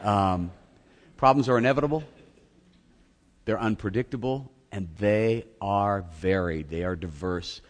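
A man's voice: fairly low pitch, measured pace, long pauses. A middle-aged male pastor preaching a sermon, telling a story with self-mocking humor. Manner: animated storytelling, self-mocking, acts out shouting. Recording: long hall reverb.

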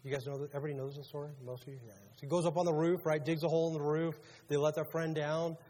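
A man's voice: fairly high pitch, level tone, very fast, dark tone. A male pastor preaching a sermon in a conversational way, asking his congregation questions as he goes. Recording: long reverb of a large hall.

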